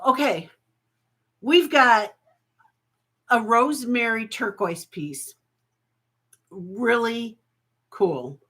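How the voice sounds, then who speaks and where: A woman's voice: on the high side, expressive, very slow, long pauses, sharp tone. A woman hosting a live jewelry auction stream, chatty and folksy, laughing often and getting emotional.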